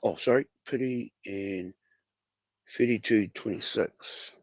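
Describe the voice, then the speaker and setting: A man's voice: fairly low pitch, takes it slowly, gravelly, no echo. A man with a New Zealand accent hosting a casual fan livestream, laid-back and slangy, calling everyone bro. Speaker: fan show host.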